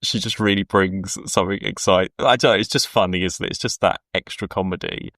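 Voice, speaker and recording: A man with a low-pitched, fairly bright voice co-hosts a podcast, talking a little fast with fairly even intonation. In casual chat he rambles through anecdotes, acting out the people he quotes. The recording is dry and studio-clean.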